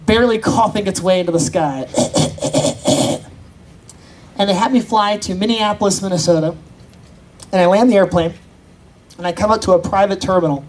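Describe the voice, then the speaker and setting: A man's voice: sits high, moderate pace, long pauses, slight background noise. A man doing open-mic stand-up, chatty and self-deprecating, bantering with the crowd. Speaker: stand-up comedian. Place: convention stage in front of an audience.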